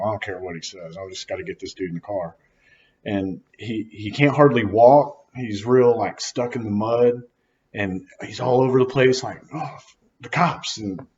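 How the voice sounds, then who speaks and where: A man's voice: fairly low pitch, moderate pace, highs cut off. Slangy man telling a wild story. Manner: animated, acts out quotes with sudden loud outbursts; casual slangy speech with many fillers. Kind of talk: casual spoken storytelling.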